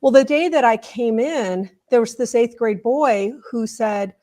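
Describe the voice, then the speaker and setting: A woman's voice: fairly high pitch, measured pace, dark tone. Woman guest telling a story. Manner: retells conversations step by step. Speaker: guest, culture change consultant. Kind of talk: storytelling in an interview.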